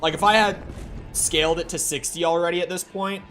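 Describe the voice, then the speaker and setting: A man's voice: on the high side, steady tone, a little fast, fairly bright tone. A man streaming a game live, chatting casually with viewers and swearing freely while he plays. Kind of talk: live gameplay commentary. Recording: faint music behind.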